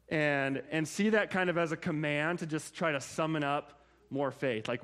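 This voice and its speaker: A man preaching a sermon in a conversational way, often checking in with his listeners through quick asides. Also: on the high side. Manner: conversational, frequent "right?" and "like" asides. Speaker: pastor.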